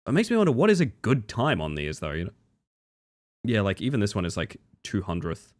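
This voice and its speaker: This streamer's lowish voice swings hugely in pitch, and he talks a little fast, with no echo in the recording. He's an Australian man playing a game live, chatting loosely with his audience, muttering, and bursting out with sudden exclamations.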